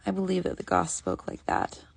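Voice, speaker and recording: A woman's voice: lowish voice, big pitch swings, moderate pace, creaky, slightly rough, heavily acted. A woman voicing a wry mocking companion.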